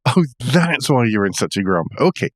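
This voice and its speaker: A man's voice: mid-range voice, very animated, normal speed, dry recording, studio quality. A man hosting a car news podcast, joking and teasing his co-host. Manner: teasing, jokey. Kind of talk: casual chat about car news.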